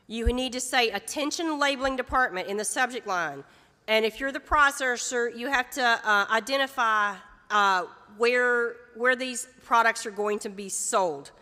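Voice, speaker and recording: A woman's voice: fairly high pitch, sharp tone. Chatty woman presenting in echoey hall. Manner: chatty, folksy, with many fillers and asides. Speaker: extension presenter on food labeling. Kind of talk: casual workshop presentation. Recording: echoey hall with long reverb.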